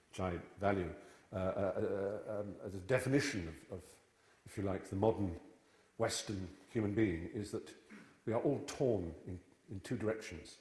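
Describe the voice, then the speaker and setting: A man's voice: lowish voice, darkish tone. A man in his fifties, a guest speaker telling witty, digressive stories to a live audience. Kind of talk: storytelling talk to a live audience. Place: large church hall before an audience. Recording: echoey church hall.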